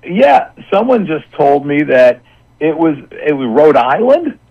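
A man's voice: fairly high pitch, sing-song, measured pace, vocal fry, muffled recording. Rambling voice-actor man chatting on air. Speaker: voice actor guest. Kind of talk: casual radio chat.

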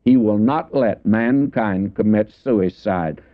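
A man's voice: fairly low pitch, takes it slowly. An older man giving a folksy, emphatic sermon, explaining scripture verse by verse with asides to his listeners. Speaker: Bible teacher. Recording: tinny phone-like old broadcast recording.

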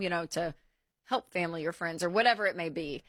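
Female co-host, lowish voice, chatty and animated, dry studio sound. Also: brisk, no echo. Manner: chatty, animated, with fillers and restarts. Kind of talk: casual talk-show chat.

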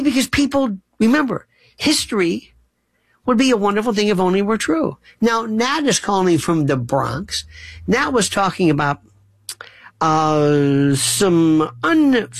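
A man's voice: on the high side, creaky, dry recording. A middle-aged man hosting a late-night call-in radio show, rambling through emphatic rhetorical questions. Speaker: radio talk show host.

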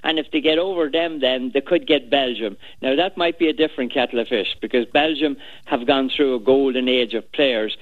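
A man's voice: medium pitch, fairly quick, few pauses, no room sound. Guy breaking down soccer matchups, dry wit, sounds like a phone line. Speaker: soccer pundit guest. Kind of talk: sports analysis on air. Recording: tinny phone-like clip.

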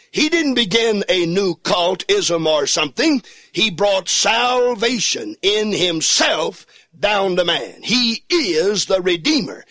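A man preaching a fervent sermon from a studio, repeating his phrases and building to shouts. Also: high-pitched, dry recording. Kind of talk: radio sermon.

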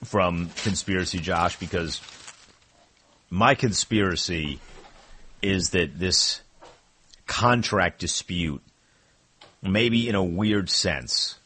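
A man's voice: low-pitched, slow, pauses often, bright, forceful tone, breathy edge. A man talking on a sports radio show, easygoing banter with the host.

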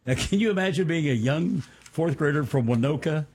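A man's voice: a little high, expressive, a little fast, a little mellow, slightly rough. A man co-hosting a local radio show, chatting about community news with enthusiastic asides. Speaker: radio co-host.

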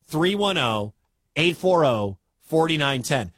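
A man's voice: a little high, big pitch swings, slow, a bit bright, no room sound. A man from the Midwestern US hosting a sports talk radio show, chatty and incredulous.

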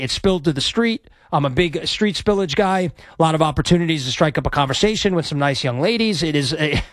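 A man's voice: a little high, dry recording, studio quality. A man hosting sports talk radio, brash and rambling as he plugs an event and takes calls. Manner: brash, rambling, self-promoting. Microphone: studio microphone.

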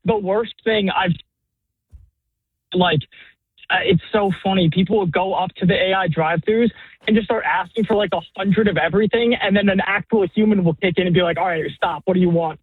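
A man's voice: high voice, brisk, breathy edge, dry recording. A man calling in to a radio show, chatting casually with many "like" fillers. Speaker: caller. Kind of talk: call-in chat. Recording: dry tinny phone line.

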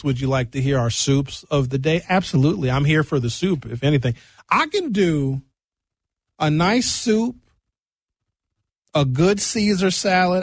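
A man hosting a radio show in casual chat, talking in animated, rambling comic riffs from a studio microphone. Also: on the high side, no room sound.

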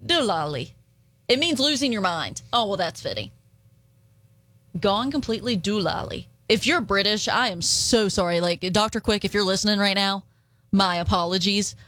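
A woman's voice: medium pitch, brisk, fairly bright tone, dry recording. A woman with an Appalachian accent co-hosting a casual podcast chat, giggling often as she reads out phrases. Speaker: podcast co-host.

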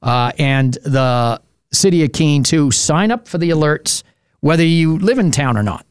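A man's voice: on the high side, expressive, unhurried, clean tone, no room sound, studio quality. A man hosting a local radio open-mic show, talking in a casual, rambling way with many fillers.

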